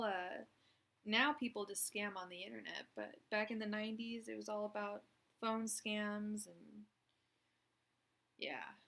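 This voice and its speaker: A woman's voice: mid-range voice, gravelly, bright, forceful tone. A woman in her thirties, a tarot reader chatting casually on a live stream, rambling with lots of fillers.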